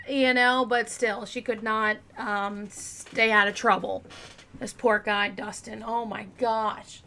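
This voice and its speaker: A woman's voice: medium pitch, flat delivery, slow pace, pushed and bright. A woman hosting a true crime channel, telling a case in a casual, rambling way with lots of fillers and asides, her voice a little cracking. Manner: chatty and rambling, with many fillers. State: slightly cracking voice.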